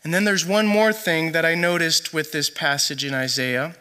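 A man preaching a sermon in a conversational way, acting out the lines he quotes with lively emphasis. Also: fairly high pitch, moderate pace, smooth. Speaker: pastor.

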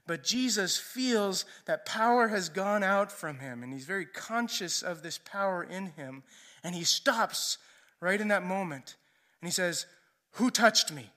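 A man's voice: high voice, animated, unhurried, sharp tone. A male preacher giving a sermon in a conversational storytelling way, often checking in with "right?".

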